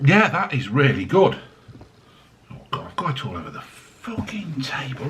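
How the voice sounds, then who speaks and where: A man's voice: a little high, big pitch swings, moderate pace, very noisy. A middle-aged man, rambling and swearing at his desk while reviewing drinks. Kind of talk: casual review vlog. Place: home desk.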